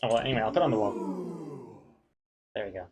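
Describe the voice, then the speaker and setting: A man's voice: medium pitch, animated, a little fast, darkish tone, slight background noise. A man hosting a casual live stream, reading out viewer pun suggestions in a jokey way and laughing often. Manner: jokey, reads names aloud, laughs often.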